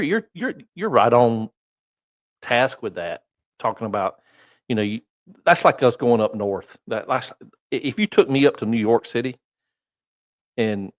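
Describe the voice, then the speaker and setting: A man with a Southern drawl, a podcast guest, telling folksy anecdotes in relaxed, casual chat. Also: medium pitch, dry recording, muffled recording.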